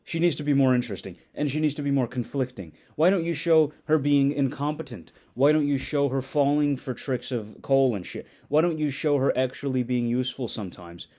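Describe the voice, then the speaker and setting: Guy going off on a sarcastic rant, swears a lot, warm low-key tone. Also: fairly quick, hardly any pauses. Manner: mocking, exasperated, swears often. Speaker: video commentator. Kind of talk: sarcastic ranting commentary.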